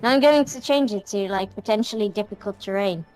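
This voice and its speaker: A woman's voice: mid-range voice, a little fast, a little mellow, faint music behind, rough recording. A woman playing a tabletop game, talking casually and giggling often. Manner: giggly and playful. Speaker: player. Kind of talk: casual play chat.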